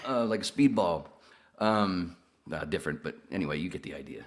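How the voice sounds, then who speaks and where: A man's voice: on the low side, expressive, normal speed, long pauses, fairly bright tone. A man hosting a podcast, telling long profane stories in a casual rambling way. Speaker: podcast host. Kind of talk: casual storytelling chat.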